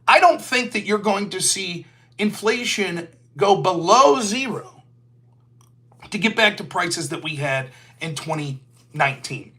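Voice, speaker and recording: A man's voice: high-pitched, lively intonation, measured pace, pushed and bright. A man hosting a solo political commentary show, sarcastic and mocking, who slips into silly voices to mimic his opponents. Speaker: show host.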